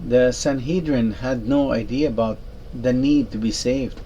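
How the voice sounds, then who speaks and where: A man explains the day's reading in a calm, plain voice, like a short homily. Faint ambient noise is heard behind him. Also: mid-range voice, a little slow, dull audio. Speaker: prayer leader giving a reflection. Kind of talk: spoken reflection on scripture.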